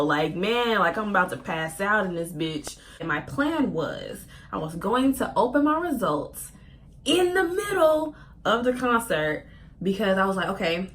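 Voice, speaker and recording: A woman in her twenties telling a story on her vlog, casual and profane, acting out her own quoted words, at times close to tears. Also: a little slow. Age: 20s. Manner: casual, profane, expressive with slang; acts out her own quoted lines with big pitch jumps. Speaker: vlogger.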